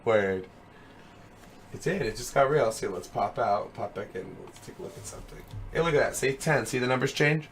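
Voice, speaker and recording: Hoarse young man rambling on a live stream. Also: mid-range voice, animated, moderate pace, slight background noise. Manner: rambling, fillers of "you know what I mean"; chummy, calls viewers dude and brother. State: hoarse, losing his voice. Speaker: streamer hosting a web show. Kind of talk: casual live-stream chat. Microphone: headset.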